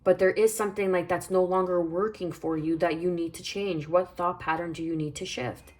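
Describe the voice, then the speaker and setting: A woman with a somewhat low voice speaks through a spiritual tarot reading. She is calm and reflective. She repeats phrases and reads card numbers aloud as she goes. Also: brisk. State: hiccuping. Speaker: tarot reader.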